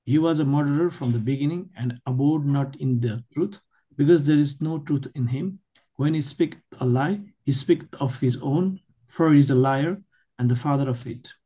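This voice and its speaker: A man's voice: a little high, normal speed, mellow, breathy edge, low-quality recording. A man in the congregation reading a Bible passage aloud. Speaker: congregation member.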